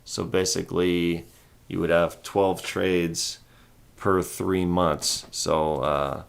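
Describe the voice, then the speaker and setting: A man hosting a stock trading livestream in casual chat. He speaks calmly and rambles, with little inflection. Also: takes it slowly, gravelly, clean tone. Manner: calm, low-key, rambling delivery with little inflection.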